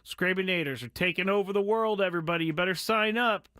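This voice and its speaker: Man, podcast host, bright voice, dry close mic, excitable, rambling. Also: high voice, quick pace, clean tone, no echo. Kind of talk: casual sports talk show.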